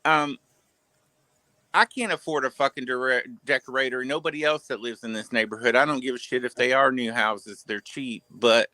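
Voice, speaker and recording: A man spinning stories on a casual livestream, his voice dry and close with no room around it. He swears freely and stammers when he gets going. His pitch sits in an ordinary middle range for a man. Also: normal speed, no echo. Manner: profane, stammering, animated. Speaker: streamer.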